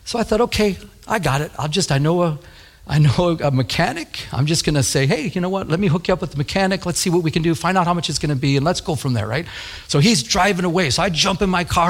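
A male pastor preaching in a storytelling sermon, his voice sitting a bit higher than most men's. He talks earnestly and conversationally and gets animated as he tells the story.

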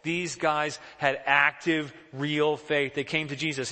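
A man's voice: a little high, level tone, a little slow, hardly any pauses, sharp tone, in a large hall. A male pastor preaching a sermon in an earnest, questioning, emphatic way.

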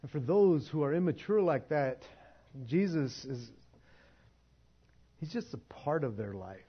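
A man's voice: on the high side, animated, measured pace, breathy edge, dull audio. A man preaching a sermon in a church, casual and conversational, often restarting words and laughing. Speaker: pastor.

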